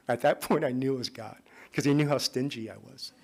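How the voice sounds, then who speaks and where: A man telling a personal story during a conference talk, in a conversational way that often drops to a soft, confiding tone. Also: medium pitch, normal speed, gravelly. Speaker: conference speaker. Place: conference hall.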